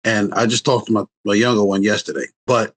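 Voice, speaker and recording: A relationship coach in his sixties talks a little fast in a fairly low voice, relaying family stories in a casual interview. He's animated, dramatizing quoted lines by raising his voice.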